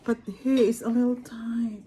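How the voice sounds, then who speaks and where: A woman's voice: fairly high pitch, level tone, moderate pace, mellow, slight background noise. A woman from the Philippines with a Filipino accent, vlogging at home in a giggly, emotional way. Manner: giggly, laughs often, emotional. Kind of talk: casual home vlog.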